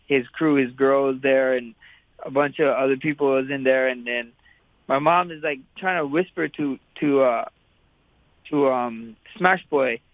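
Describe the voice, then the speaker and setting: In a casual interview chat over a tinny, phone-like connection, a fighter from Hawaii talks in a relaxed, meandering style peppered with "you know." His voice is medium-pitched and the recording is dry.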